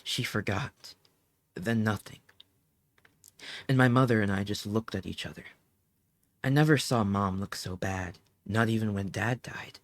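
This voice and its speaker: Guy narrating an audiobook, lowish voice, dry close sound, gets emotive and stretches out the big lines. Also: dry recording. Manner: emotive, slows down on dramatic phrases. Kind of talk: dramatic audiobook reading.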